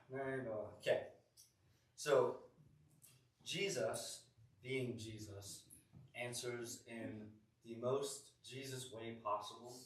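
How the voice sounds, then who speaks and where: A young man leading a youth group sermon in a church room, chatty and rambling with many self-corrections. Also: medium pitch. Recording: echoey room, distant mic.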